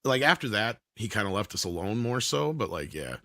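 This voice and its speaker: A middle-aged man telling a story in casual chat, animated and profane, acting out the voices of the people in it. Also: lowish voice, a little fast, no room sound, studio quality.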